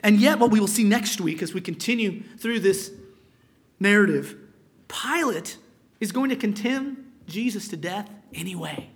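A male pastor with a high-sitting, expressive voice preaches at a moderate pace, reading scripture aloud and explaining it. Now and then he drops to a whisper for emphasis.

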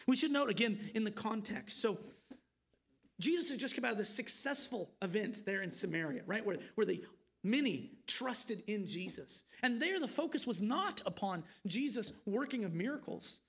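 A man's voice: sits high, expressive, normal speed, gravelly, slightly rough. A man preaching an expository sermon, earnest and pleading, asking his listeners questions.

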